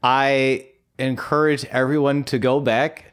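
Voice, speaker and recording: A man co-hosting a casual wrestling podcast, excitable and profane, telling stories with self-mocking flair. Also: medium pitch, takes it slowly, smooth. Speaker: podcast co-host.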